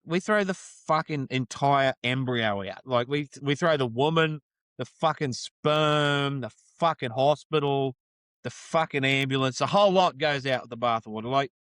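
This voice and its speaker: A man's voice: fairly high pitch, fairly bright tone, dry recording. An Australian man co-hosting a sports podcast, ranting and swearing about a rugby league game in casual chat. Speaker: podcast co-host. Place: studio.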